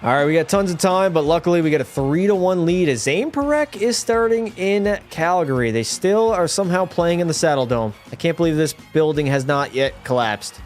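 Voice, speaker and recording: A young man with a fairly high voice streams a hockey video game and talks straight to his chat. He swears freely, gets fired up over every play, and sounds a little tipsy. Faint game music plays underneath. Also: fairly quick, few pauses. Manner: profane, excitable, talks to chat. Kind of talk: live gameplay commentary.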